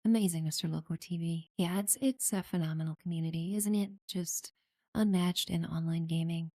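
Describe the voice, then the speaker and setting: A woman streamer with a lowish voice and steady tone talks fairly quickly during a casual live gameplay chat. Friendly, with lots of fillers, she warmly thanks new followers and discusses her community. The clean studio sound has no room sound.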